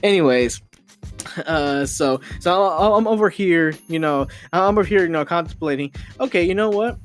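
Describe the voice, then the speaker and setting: A man's voice: a little high, moderate pace, soft background music. A young man hosting a casual podcast, rambling with lots of fillers and restarts as he tells a frustrating story into his home microphone. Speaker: podcast host.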